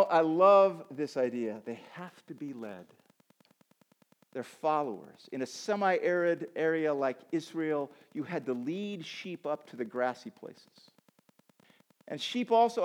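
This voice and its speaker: A man giving a conversational, animated sermon to a college audience, using casual asides and self-deprecating humor. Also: on the high side, moderate pace. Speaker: campus chapel speaker. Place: college auditorium with a live audience.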